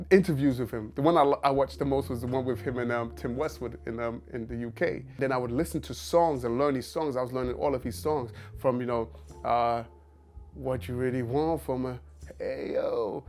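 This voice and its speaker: A man's voice: medium pitch, darkish tone. A man who works as an actor, talking casually to the camera and breaking off into quoted asides and restarts.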